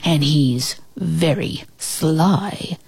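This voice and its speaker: A woman's voice: low voice, extremely slow, creaky, darkish tone, slightly rough, no echo, full character voice. A woman voicing an eager, determined male farm dog in a storybook, barking his lines. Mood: earnest.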